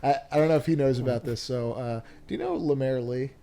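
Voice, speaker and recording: A man's voice: mid-range voice, fast talker, vocal fry, dark tone. A man who is a comedian guest on a podcast, telling a story in a rambling way and laughing between sentences. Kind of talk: casual podcast chat.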